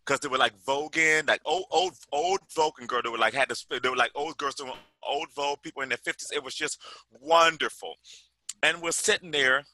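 A man in his forties telling a personal story in a chatty, animated way, full of "like" and quoted dialogue. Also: a little high, moderate pace, dry recording, rough recording. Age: 40s. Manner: animated, chatty, sprinkles "like", quotes people as he tells it.

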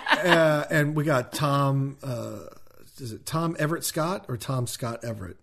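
A man's voice: medium pitch, unhurried, creaky, a bit bright. A man co-hosting a podcast in casual chat, rambling with frequent ums and restarts. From Kansas City, USA. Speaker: podcast co-host.

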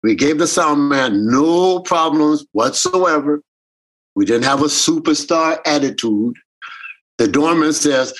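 A man's voice: a little high, unhurried, low-quality recording. A man, a reggae bandleader telling stories in a casual interview and acting out the voices of people he quotes. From Jamaican American. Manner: animated, acts out quoted voices.

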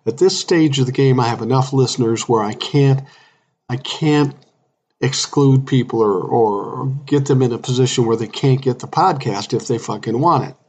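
A man's voice: mid-range voice, moderate pace, darkish tone, husky. A man in his sixties hosting a solo podcast, talking bluntly and irritably, swearing often. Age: 60s. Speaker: podcast host.

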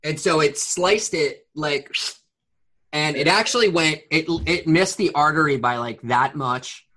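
A man's voice: on the high side, unhurried. A man in his forties telling a rambling story in a casual chat, full of fillers. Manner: rambling, filler-heavy, animated retelling.

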